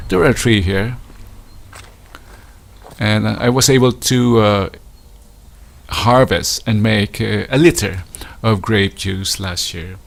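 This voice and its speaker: A man from the Philippines giving a casual walking tour of his winter garden outdoors, unhurried and hesitant, with many fillers and restarts. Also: fairly low pitch, creaky, a bit bright.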